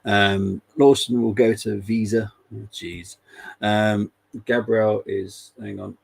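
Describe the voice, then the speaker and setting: A man's voice: fairly low pitch, level tone, takes it slowly, gravelly, a little mellow, slightly rough, low-quality recording. A man hosting a live football watchalong, chatting casually and wryly and laughing often. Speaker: fan channel host.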